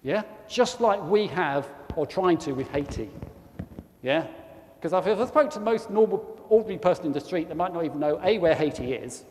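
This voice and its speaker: A man's voice: fairly high pitch, animated, moderate pace, darkish tone. A man with a South East English accent giving an informal talk to a church congregation as a guest speaker, chatty and forever asking the room tag questions. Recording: long church reverb, faint noise.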